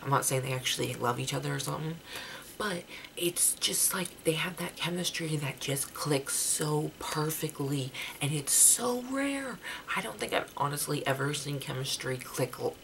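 A young woman reviewing a TV finale in casual, excited chat, rambling with many fillers and restarts. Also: deep voice, moderate pace, gravelly, noisy background. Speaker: TV review vlogger.

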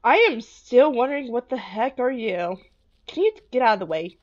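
A woman hosting a casual gaming let's play, soft-spoken and repeating sad exclamations. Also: on the high side, expressive, normal speed, muffled recording. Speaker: gaming video host.

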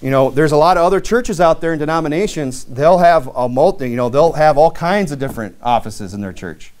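A man's voice: on the high side, lively intonation, brisk, a little mellow. Man preaching a church sermon. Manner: preaching with scripture readings and frequent restarts. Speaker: pastor.

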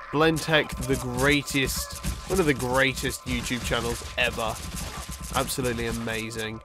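Tired young guy rambling over a game, slow drawl, lots of ums, random yelps. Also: mid-range voice, faint music behind. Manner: chatty, rambling, with many fillers and sudden excited outbursts. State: tired, yawning. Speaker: gaming YouTuber. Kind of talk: casual let's-play commentary.

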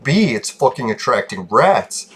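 A man's voice: medium pitch, big pitch swings, a little slow, husky. A man in the middle of his range rants at his viewers in a casual vlog, swearing often and sounding fed up. He talks straight to his audience as the regular host of his own channel. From Canada. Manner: frustrated, swearing, venting.

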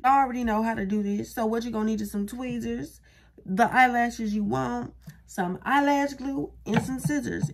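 A woman's voice: a little high, moderate pace. A young woman chatting casually through a beauty tutorial, joking and mocking herself as she talks straight to viewers. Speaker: vlogger doing a wig and lash tutorial.

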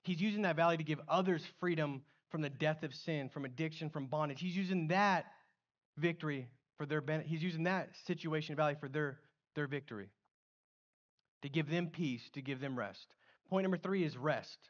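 A middle-aged man preaching a sermon in a church, casual and animated, with slang and acted-out asides. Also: fairly high pitch, normal speed, muffled recording. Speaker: pastor.

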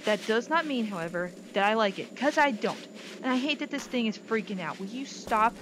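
A woman's voice: fairly high pitch, animated, fairly quick. A woman hosting a let's-play of a scary VR game, talking nervously and rambling to her viewers. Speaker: gaming video host. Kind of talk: casual let's-play commentary. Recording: noisy game ambience behind.

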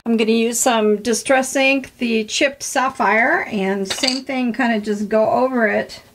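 A woman with a slightly high voice talks through a craft demonstration. She chats casually and encourages the viewer, admiring her own pages as she goes. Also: steady tone, measured pace, a little hiss or hum. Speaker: art tutorial host.

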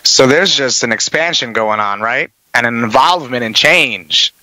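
A man hosting a radio talk show, introducing and questioning a guest in an upbeat, energetic way. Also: mid-range voice, normal speed, dry recording, rough recording.

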